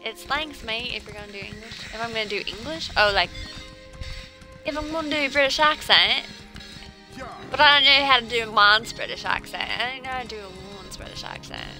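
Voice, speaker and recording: A woman's voice: on the high side, fairly quick, over music, low-quality recording. A woman streaming live, chatting playfully in a put-on mixed-accent voice and drawling her words. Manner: putting on a jokey mixed-accent mustache-man voice, drawling words. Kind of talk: playful casual stream chat.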